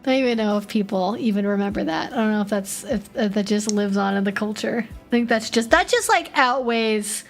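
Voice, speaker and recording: A woman's voice: mid-range voice, brisk, hardly any pauses, soft background music. A young adult woman hosting a casual live stream, chatting loosely with frequent fillers and restarts as she answers questions from chat.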